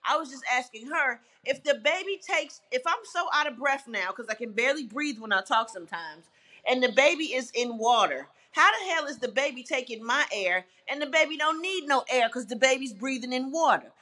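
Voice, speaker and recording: Woman, interview guest, candid casual chat, blunt, swears freely, bright forceful tone, slightly high voice. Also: lively intonation, a little fast. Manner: blunt, swears, laughs often.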